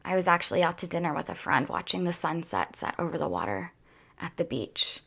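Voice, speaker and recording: A woman talking casually to her viewers in a heartfelt, chatty way, near tears and drifting into soft whispers at times. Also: on the low side, big pitch swings, fairly quick, gravelly, slightly rough. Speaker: vlogger. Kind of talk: casual personal talk to viewers.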